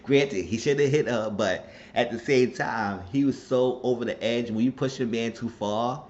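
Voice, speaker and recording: A man giving a casual, animated, slangy recap of a TV episode for his channel. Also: mid-range voice, moderate pace, highs cut off, slight background noise. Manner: animated storytelling, slangy, acts out quotes. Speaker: YouTube show recapper.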